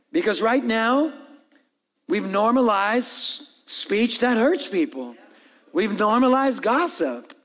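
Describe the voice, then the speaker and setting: Pastor, male, lively sermon delivery with playful asides, higher voice, big echoing church. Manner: animated, acts out dialogue and jokes with the congregation. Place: church hall with long reverb.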